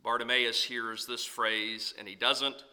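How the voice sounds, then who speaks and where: A man preaching as a pastor, swinging between loud calls and soft, low asides. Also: level tone, slow pace. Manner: preaching with sweeping rises and drops in pitch and volume. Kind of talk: sermon.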